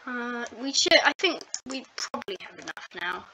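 A woman's voice: on the high side, animated, moderate pace, bright, forceful tone. A woman chatting casually alongside a gaming video as a friend, teasing and wisecracking. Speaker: co-commentator friend. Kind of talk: casual chat. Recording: clear background noise.

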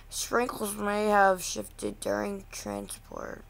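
Hosting her channel, this woman speaks at a medium pitch with a fairly bright tone. She talks slowly through casual, ranting reactions to online content, quickly growing exasperated.

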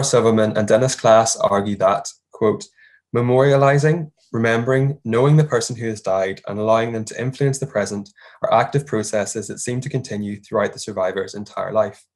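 A young man, a doctoral researcher, reading an academic paper aloud in a measured, formal way and marking each quotation aloud. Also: on the low side, darkish tone.

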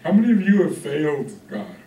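A pastor preaching a conversational sermon, often checking in with the congregation. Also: male voice, fairly high pitch, big pitch swings, fairly quick, mellow. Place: church hall. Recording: echoey room from a distance.

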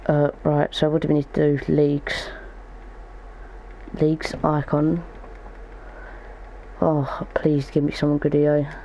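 A man's voice: fairly high pitch, monotone, measured pace, pauses often, warm tone, slight background noise, rough recording. A young man giving casual gaming commentary as a YouTuber, thinking aloud as he goes. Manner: chatty, thinks aloud while opening packs.

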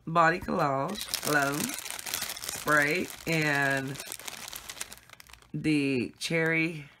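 A woman's voice: low-pitched, steady tone, very slow, noisy background. A woman chatting casually and giggling as she unboxes gifts for her viewers at home. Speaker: craft vlogger.

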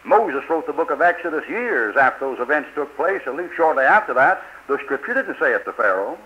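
Older preacher man, fiery, keeps asking questions, muffled old tape sound, kinda high voice. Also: expressive, brisk, bright, forceful tone. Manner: fiery, rhetorical questions, folksy grammar. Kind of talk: sermon.

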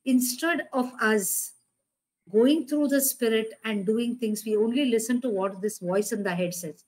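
Lady preacher, fairly high voice, chatty sermon, lots of "but guess what". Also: unhurried, a little mellow, slightly rough, poor audio. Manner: conversational, rhetorical questions, repeats for emphasis.

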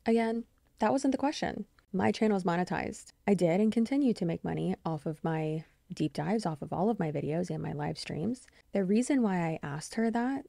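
A young adult woman hosting a commentary vlog, answering criticism in a measured, pointed way. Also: lowish voice, gravelly, mellow, dry recording. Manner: measured, pointed rebuttal with occasional dry laughs. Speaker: YouTube commentary host.

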